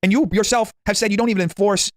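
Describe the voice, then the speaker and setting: Rapid-fire defensive man on a livestream. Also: sits high, steady tone, no room sound, clean studio sound. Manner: defensive, combative. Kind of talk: livestream argument.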